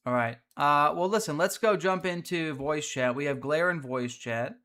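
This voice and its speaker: A man hosts a livestream of a mobile strategy game, casually chatting about team builds and reading viewer messages aloud with easy fillers. His voice runs a little high, pushed and bright, at a normal speed.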